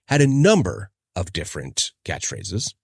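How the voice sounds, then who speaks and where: A man's voice: sits low, huge pitch swings, a little slow, gravelly, slightly rough, dry recording, studio quality. A man in his forties hosting a casual solo podcast, chatty and rambling, often trailing off while he searches for names. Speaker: podcast host.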